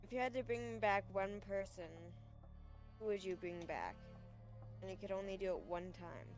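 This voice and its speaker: Quiet earnest woman off-mic. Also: medium pitch, moderate pace, music in the background.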